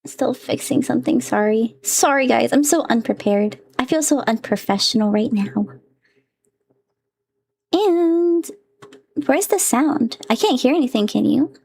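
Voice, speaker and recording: A woman's voice: on the high side, animated, measured pace, creaky, darkish tone, slightly rough. A woman streamer chatting casually to her viewers, giggly and flustered, squealing often and talking to herself as she fixes her setup. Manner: talks to herself while fixing her setup. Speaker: VTuber streamer. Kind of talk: casual live-stream chat.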